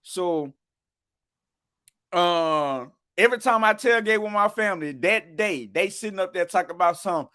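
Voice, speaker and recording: A man's voice: high voice, lively intonation, moderate pace, pushed and bright, clean tone. A man talking casually about college football on a podcast, rambling with many restarts. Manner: rambling, restarts, keeps asking "you know what I'm saying". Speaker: podcast co-host. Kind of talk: casual sports podcast chat.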